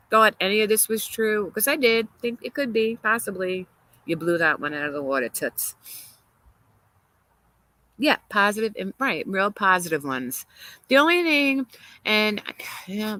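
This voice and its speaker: A woman's voice: on the low side, sharp tone, no echo, poor audio. A woman hosting a casual livestream, talking through viewer comments in an opinionated, chatty way and laughing often. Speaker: livestream host. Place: outdoors in a garden.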